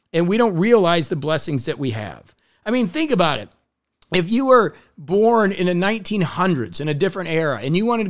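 A middle-aged man with a high, gravelly voice delivers a motivational talk. He is upbeat and enthusiastic, and he moves easily from advice into stories. Now and then he acts out the people in those stories. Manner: energetic, enthusiastic, storytelling with acted quotes. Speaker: motivational speaker.

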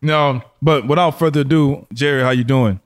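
A middle-aged man hosting a casual interview podcast, relaxed, with many fillers and easy laughs. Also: mid-range voice, moderate pace. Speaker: podcast host.

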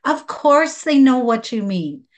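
Woman, podcast guest, slightly high voice, unhurried, heartfelt delivery. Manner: slow, earnest and emotional. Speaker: guest practitioner. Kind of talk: spiritual podcast conversation.

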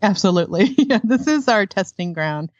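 A woman's voice: medium pitch, expressive, moderate pace, a little mellow, dry recording, lo-fi sound. A woman guest, an adoptive homeschooling mother, speaking candidly in a conversational interview and laughing often.

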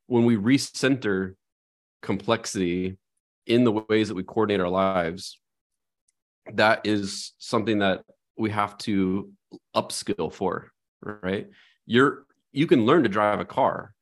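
A middle-aged man with a fairly low voice muses aloud in a relaxed podcast conversation. He works through his thoughts carefully, often tagging his points with a questioning "right?" as he goes. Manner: thoughtful, reflective, frequent "right?" tag questions. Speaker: podcast co-host. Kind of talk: casual conversational chat.

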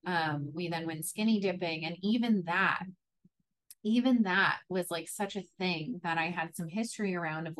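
Chatty young woman telling a story. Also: fairly low pitch. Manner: chatty, frequent "like" fillers. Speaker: podcast host. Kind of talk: casual personal storytelling.

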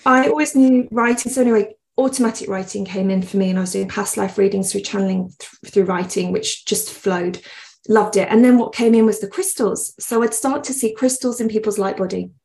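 Woman w/ a chatting on a podcast, earnest and rambly, laughs a lot, pretty middle-of-the-road pitch. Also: steady tone, brisk, creaky, darkish tone. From West Midlands, England. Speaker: podcast guest. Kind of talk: conversational podcast interview.

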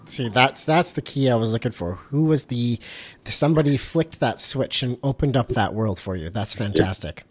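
A man's voice: mid-range voice, lively intonation, moderate pace. A man hosting an interview podcast, reacting with enthusiasm and asking questions. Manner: enthusiastic and encouraging. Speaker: podcast host. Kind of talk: conversational interview.

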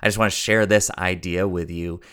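A man's voice: sits low, steady tone, brisk, a bit bright, clear, resonant tone. A man hosting a podcast as a story coach, speaking earnestly in a preachy, motivational way and repeating phrases for emphasis.

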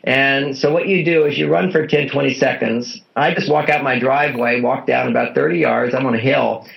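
A man's voice: medium pitch, fairly even intonation, normal speed, vocal fry. A man being interviewed as a guest author, explaining things in an earnest, instructive way and repeating his key points. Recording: dull lo-fi audio.

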